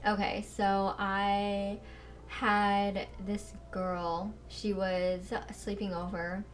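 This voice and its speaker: A woman's voice: medium pitch, extremely slow, distant mic. Woman co-host telling stories in casual chat. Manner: animated storytelling, heavy use of "like" and swearing. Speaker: podcast co-host.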